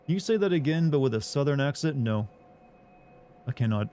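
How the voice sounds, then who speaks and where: A man's voice: medium pitch, lively intonation, moderate pace, warm tone, slight background noise. A man streaming a game who argues with his chat in a casual, sarcastic way, swearing freely and sounding incredulous.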